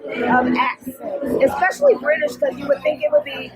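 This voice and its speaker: Enthusiastic female podcast host, high voice, crowd noise behind. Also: moderate pace, low-quality recording. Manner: chatty, enthusiastic, laughs easily. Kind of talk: casual interview chat.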